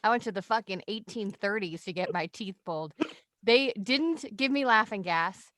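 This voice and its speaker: A woman co-hosting a livestream, telling a story expressively with swearing and quick laughs. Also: mid-range voice, fairly bright tone, dry recording. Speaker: podcast co-host. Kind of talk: casual livestream chat.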